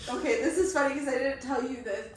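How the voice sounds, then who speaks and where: High-voiced woman laughing along. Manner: reacts with laughter and quick quips. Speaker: podcast co-host. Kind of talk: casual chat. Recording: echoey room, far from mic.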